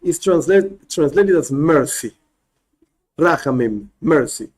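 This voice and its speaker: A male rabbi teaching a spoken class, animated, often restarting phrases and acting out examples. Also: on the high side, takes it slowly, rough recording.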